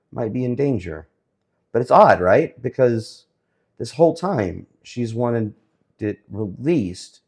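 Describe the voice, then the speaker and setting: A man giving casual, sarcastic commentary on the week's news, often pausing with fillers. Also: medium pitch. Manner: sarcastic, hesitant with many fillers.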